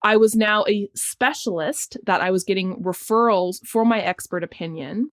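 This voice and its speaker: Middle-aged woman doctor, relaxed podcast guest, thoughtful and lively when telling stories. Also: medium pitch, normal speed. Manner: reflective, animated storytelling with laughs. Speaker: podcast guest, sports medicine physician. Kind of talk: casual conversation.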